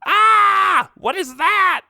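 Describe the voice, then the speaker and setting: A man voicing a group of squeaky, excitable bats with shrill, impatient voices in a storybook. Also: unhurried, smooth, dry recording, clean studio sound, exaggerated voice. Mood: alarmed.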